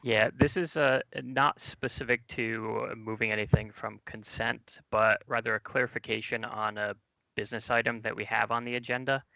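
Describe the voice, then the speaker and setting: A man's voice: fairly low pitch, steady tone, moderate pace, creaky, pushed and bright, no echo. A man on a board asking for clarification in a meeting, hesitant and apologetic with many fillers. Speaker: board member. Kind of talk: meeting discussion. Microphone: video call. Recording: dry lo-fi video call audio.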